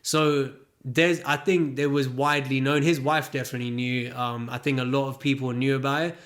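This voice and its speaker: A man as an interview guest, speaking earnestly and haltingly in a candid personal conversation, often restarting his sentences. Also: medium pitch, little pitch movement, a bit bright.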